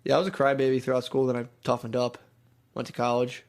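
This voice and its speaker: A man co-hosting a podcast who talks quickly in a mid-range voice. He tells animated stories in casual chat, acting out quotes and dropping curses and "dude" freely. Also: medium pitch. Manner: frequent swearing and "dude". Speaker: podcast co-host.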